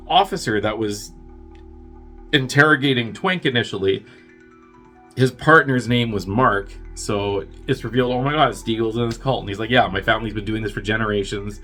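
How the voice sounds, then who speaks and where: A man casually recapping a film's plot in a rambling way, acting out the characters' lines in bursts. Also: fairly bright tone. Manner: rambling, acts out characters' lines with jumps in pitch. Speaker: podcast host reviewing a film.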